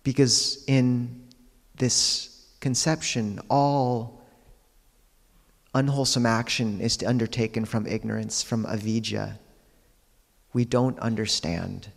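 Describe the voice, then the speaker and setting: A man, a Buddhist monk, giving a dharma talk, telling teaching stories in a calm, measured way with quiet pauses. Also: mid-range voice, creaky, in a large hall.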